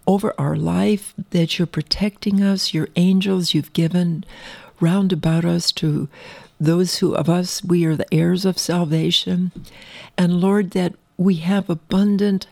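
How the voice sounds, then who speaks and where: A woman's voice: on the low side, steady tone, unhurried, vocal fry, a little mellow, no room sound. A woman preacher praying fervently over her listeners and then teaching a sermon, earnest and direct. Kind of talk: prayer and sermon.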